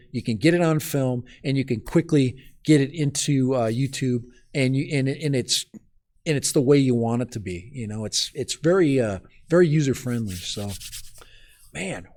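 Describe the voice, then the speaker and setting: A man's voice: mid-range voice, a little mellow. A man from Minnesota hosting a live stream outdoors in the cold, chatting casually and rambling as he talks straight to his viewers.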